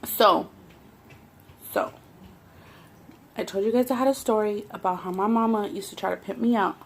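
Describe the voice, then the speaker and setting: A young mukbang vlogger with a Southern Californian accent tells profane, no-filter stories with animation as she eats. Her mid-range voice keeps a moderate pace, and a little hiss or hum can be heard in the recording.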